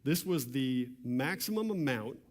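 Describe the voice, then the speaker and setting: A man giving an explanatory lecture with slides to an audience, halting, with frequent restarts and throat clearing. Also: mid-range voice, expressive. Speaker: presenter at a church civics class. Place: meeting room with an audience. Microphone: microphone.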